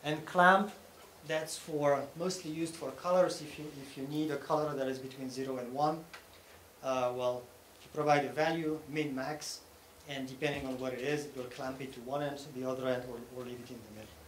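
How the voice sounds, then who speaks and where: A man's voice: mid-range voice, steady tone, normal speed, fairly bright tone. A man giving a technical conference talk, explaining things step by step and often checking in with the audience. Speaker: conference speaker. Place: conference hall. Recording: echoey hall with faint room noise.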